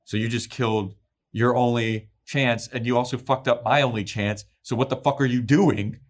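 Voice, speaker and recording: A man's voice: medium pitch, steady tone, moderate pace, voice pushed up, lightly acted. A man voicing an annoyed young demon woman who scolds an ally, close to his own voice. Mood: exasperated. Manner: exasperated, scolding.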